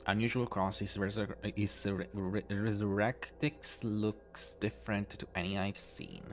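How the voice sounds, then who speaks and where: A man with a fairly low voice chats through a game on stream. He talks in a halting way, restarting words and filling pauses. Faint game music plays underneath. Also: steady tone. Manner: halting, many restarts and fillers. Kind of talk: casual gameplay commentary.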